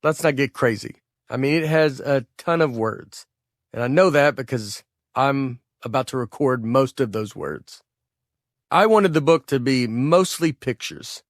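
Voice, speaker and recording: A man with a Southern US accent, from Tennessee, narrating his own humorous audiobook in a laid-back, deadpan way. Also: medium pitch, measured pace, dry recording, clean studio sound.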